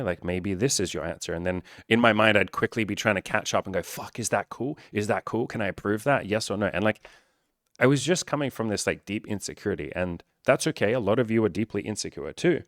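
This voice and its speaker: A man's voice: fairly low pitch, no room sound, clean studio sound. A young man talking casually to camera as a dating coach, candid and full of swearing and filler words.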